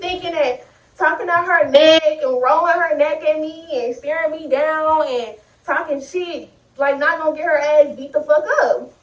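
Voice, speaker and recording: A young adult woman telling a story in a casual, animated, profane way, speaking straight to her viewers. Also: high-pitched, normal speed. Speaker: vlogger. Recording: roomy sound, distant mic.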